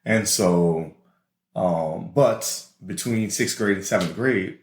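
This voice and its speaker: A man with a New Orleans accent and a low-pitched voice speaks slowly in an echoey room, with a little hiss or hum in the background. Co-hosting a podcast, he's an animated storyteller who laughs as he shares casual stories about his school days.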